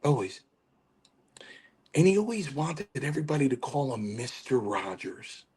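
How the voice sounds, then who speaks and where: A man doing an impression of a stern older male wrestling veteran who lectures a young wrestler in a slow, hesitant way. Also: medium pitch, sing-song, darkish tone, slightly rough, voice pushed up.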